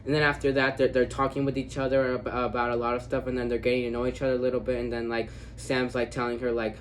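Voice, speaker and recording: A man casually reviewing a movie, rambling with lots of fillers, dropping quiet when quoting lines and growing loud when he gushes about his favorite parts. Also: medium pitch, little pitch movement, fast talker, a little hiss or hum.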